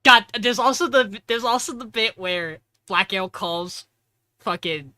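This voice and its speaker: A co-host on an anime podcast, chatting excitedly, swearing and acting out scenes between laughs. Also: male voice, sits high, measured pace, no echo. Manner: excitable, profane, acts out quotes with laughter. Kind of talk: casual anime podcast chat.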